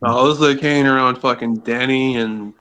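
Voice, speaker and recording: A man's voice: medium pitch, fairly even intonation, normal speed, bright, forceful tone. A young man from Florida chatting as a co-host, joking dryly and swearing casually. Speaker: co-host friend. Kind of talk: casual chat.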